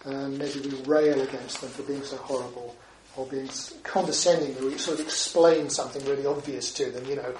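A man's voice: mid-range voice, steady tone, brisk, background noise. Man giving a dharma talk in a roomy space. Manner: conversational, with frequent tag questions. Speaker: Buddhist teacher. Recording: roomy echo, distant mic, faint ambience.

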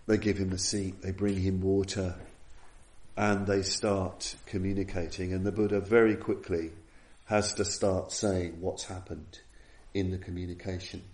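In an echoey room, a man with a low, slightly mellow voice gives a reflective Buddhist dharma talk as a teacher. He retells an old story earnestly, often restarting his phrases.

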